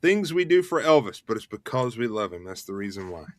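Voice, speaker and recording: Energetic host, dry sound. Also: male voice, lowish voice, dry recording. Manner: rushed, energetic promo talk with fillers. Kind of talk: casual online show chat.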